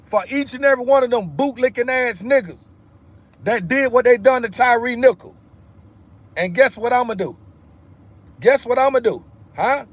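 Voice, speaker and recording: A high-pitched man vents on his livestream. He talks heatedly and profanely, circling back to the same phrases again and again. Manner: heated, repetitive, profane ranting. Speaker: livestream host. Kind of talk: angry livestream rant.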